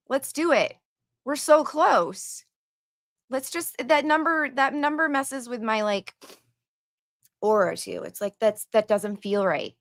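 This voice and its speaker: A woman's voice: high voice, a bit bright, no room sound, clean studio sound. A woman hosting a livestream, chatting casually and reading viewer donations and messages aloud with her own asides.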